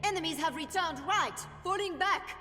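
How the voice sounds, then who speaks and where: Game callouts: warrior goddess, very high voice, crisp short lines, music loud under her. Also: normal speed. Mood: commanding. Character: proud female warrior goddess with musket.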